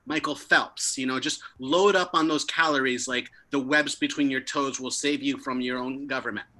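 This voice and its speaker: A young man doing a stand-up comedy set with deadpan delivery and sudden loud punches of emphasis. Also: medium pitch, moderate pace. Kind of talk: stand-up set over a video stream.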